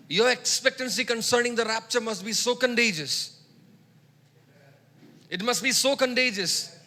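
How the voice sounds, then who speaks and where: Male pastor mid-sermon, forceful bright tone, repeats key phrases, hall echo. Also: very high voice, moderate pace, long pauses. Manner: emphatic, repeats phrases, urges the congregation to echo words; swings between loud exhortation and quiet teaching. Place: church hall. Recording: long hall reverb.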